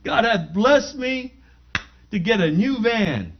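A man giving a spoken testimony in church, animated and acting out the dialogue as he tells it. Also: high-pitched, takes it slowly. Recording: dull lo-fi recording.

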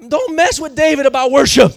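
With fervor, a preacher delivers a sermon full of slang and restarts, often rising to a shout. He speaks briskly in an extremely high, sing-song voice with vocal fry, and a faint crowd can be heard.

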